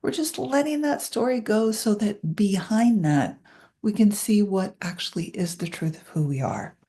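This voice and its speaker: A woman in her sixties who leads meditations, talking candidly and with self-deprecating humor before easing into a soft, hushed guided meditation. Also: medium pitch, moderate pace. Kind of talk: casual talk leading into a guided meditation.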